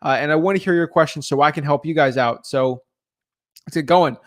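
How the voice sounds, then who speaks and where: Upbeat young man coaching viewers. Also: on the high side. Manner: fast, casual, filler-heavy, addresses viewers as guys. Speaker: real estate coach. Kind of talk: casual teaching livestream.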